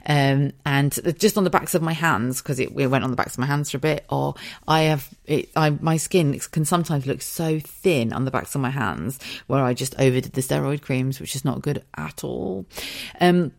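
A woman's voice: extremely low pitch, creaky, a little mellow. A woman with an English accent, a podcast host telling a candid personal story in a giddy, sweary, self-mocking way.

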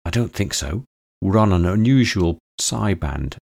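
A man reading aloud, voicing a gentle, eager young woman who speaks telepathically in a soft, earnest way. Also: sits low, expressive, unhurried, vocal fry, heavily acted.

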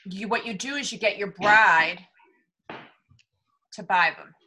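A woman chimes into a casual group chat with dry quips and some hesitant restarts. Her voice is bright and forward. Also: mid-range voice, unhurried.

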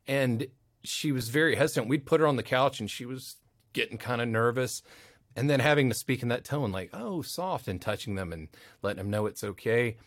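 Man, voice actor, casual interview, rambling, animated storytelling, playful quoted voices, middle pitch, dry studio sound. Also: no room sound. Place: recording studio.

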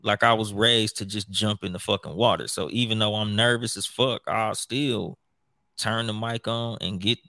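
A man's voice: on the low side, steady tone, normal speed, vocal fry, bright, forceful tone, dry recording, clean studio sound. A man who hosts his own show, chatting casually in a profane, rambling way with many restarts. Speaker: podcast host. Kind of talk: casual chat.

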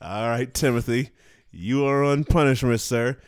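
A man's voice: mid-range voice, measured pace, slight background noise. A man hosting a podcast in a joking, casual way, laughing often between lines. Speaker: podcast host. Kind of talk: casual chat.

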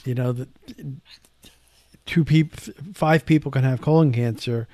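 A man's voice: mid-range voice, measured pace, a little mellow, no room sound. A man hosting a podcast interview, asking friendly, rambling questions full of fillers. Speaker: podcast host.

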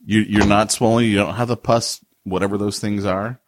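A man co-hosting a podcast, telling stories in a relaxed, chatty way. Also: on the low side, normal speed, dry recording. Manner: relaxed, chatty storyteller who laughs easily. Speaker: podcast co-host. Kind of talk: casual chat.

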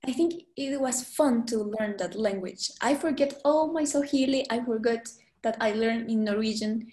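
A woman with a Spanish accent, a Spanish teacher speaking English as a second language as a podcast guest, halting and searching for words with many fillers. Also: fairly high pitch, warm tone. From Guatemala. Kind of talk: casual interview chat. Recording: echoey room.

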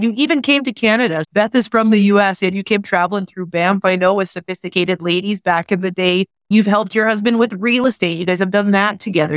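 A woman's voice: medium pitch, dry recording, clean studio sound. Teary woman host gushing over her guest. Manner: gushing, full of praise. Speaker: podcast host. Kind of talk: introducing a guest.

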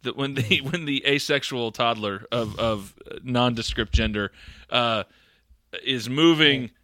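A man co-hosting a podcast with his brother, talking casually about a film in a halting, offhand way and swearing now and then. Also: mid-range voice, sharp tone, dry recording, clean studio sound. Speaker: podcast co-host. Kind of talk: casual movie-review chat.

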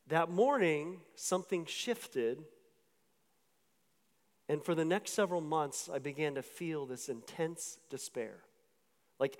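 Man preaching in a reverberant hall. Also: a little high. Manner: conversational storytelling with filler words and repeated restarts. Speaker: pastor. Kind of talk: sermon testimony.

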